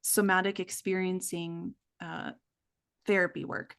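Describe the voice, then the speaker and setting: A woman's voice: fairly low pitch, little pitch movement, measured pace, creaky, a bit bright, smooth. A middle-aged woman speaking as a podcast guest, telling a candid personal story in an earnest way and acting out the voices she quotes. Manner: earnest, acts out quoted voices, many fillers.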